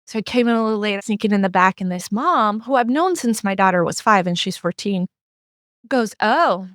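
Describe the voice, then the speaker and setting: Middle-aged woman telling blunt stories on a podcast, mid-pitched voice, dead dry sound. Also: brisk, a bit bright, no room sound. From not from the Midwest. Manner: candid storyteller who acts out quoted exchanges. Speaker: guest writer and journalist. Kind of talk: casual podcast conversation.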